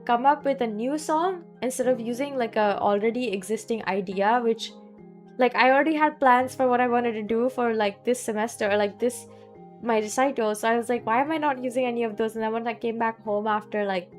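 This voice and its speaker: Streaming a game with faint music behind her, a young woman in her twenties with a Southeast Asian accent rambles through stories in casual chat, saying "like" constantly. Her voice is on the high side with a darkish tone, and she talks fairly quickly.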